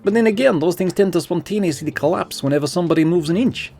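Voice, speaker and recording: A man reading a game's theatre organizer in a higher, excited voice, talking fast about plans. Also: vocal fry. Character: enthusiastic young theatre organizer.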